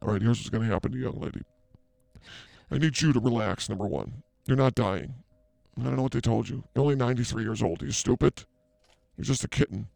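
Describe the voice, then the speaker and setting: A man's voice: mid-range voice, gravelly, darkish tone, dry recording, lightly acted. A man playing a brash, flirty fake psychic healer in a comedy sketch, rambling through crude banter. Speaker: comedy show host.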